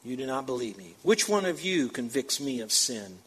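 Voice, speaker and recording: A man's voice: medium pitch, big pitch swings, normal speed, slightly rough, rough recording. A man preaching a sermon as pastor, talking straight to his congregation and repeating words for emphasis. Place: church sanctuary with a screen.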